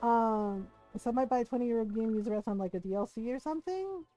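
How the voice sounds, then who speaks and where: High-voiced chatty woman streamer. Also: fast, mellow, soft background music. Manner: chatty, laughs often, trails off with ums. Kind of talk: casual live-stream chat.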